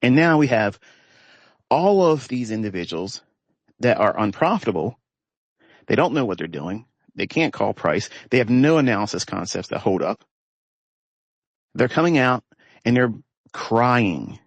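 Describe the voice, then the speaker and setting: A man's voice: mid-range voice, big pitch swings, measured pace, pauses often, no room sound. A man teaching trading, talking unscripted from inside a parked pickup truck in an emphatic, scornful way, stretching out the words he stresses. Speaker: trading educator. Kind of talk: unscripted ranting monologue.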